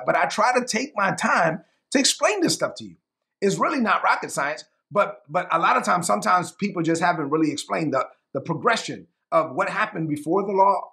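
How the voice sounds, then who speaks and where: A male preacher teaching a sermon to camera in an animated, conversational way, often repeating himself for emphasis. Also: sits high, gravelly.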